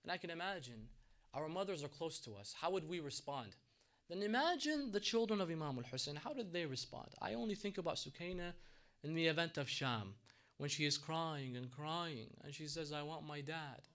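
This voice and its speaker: A man delivers a religious lecture in a mosque. His voice sits a little high for a man and moves between hushed, grieving stretches and loud, pleading outbursts. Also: expressive, fairly quick. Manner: impassioned, swings from soft to loud and back. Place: mosque hall.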